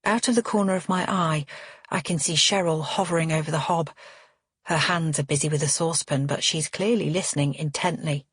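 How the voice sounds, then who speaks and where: Husky woman narrating a thriller. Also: deep voice, a little fast, no room sound, studio quality. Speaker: audiobook narrator. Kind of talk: scripted first-person narration.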